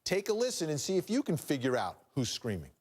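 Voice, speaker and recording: A male television host with a slightly raised pitch runs the show briskly. He fires leading questions at his guests and a mock jury. He is recorded on a clean studio mic. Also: wildly swooping pitch, husky. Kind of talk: hosting a TV legal show.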